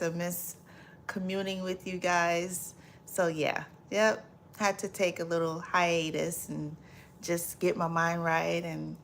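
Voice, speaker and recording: Gravelly low-ish woman on a live stream, real slow and chatty, laughs a lot, reads out comments. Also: a bit bright, a little hiss or hum. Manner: laughs often, repeats phrases, chatty. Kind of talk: casual live chat, reading viewer comments aloud.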